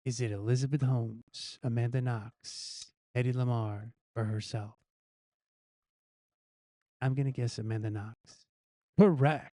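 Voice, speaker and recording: A man's voice: medium pitch, steady tone, a little slow, pauses often, dark tone, no echo, studio quality. A male host casually reading out news quiz questions, guessing the answers himself and chuckling at his own gag options.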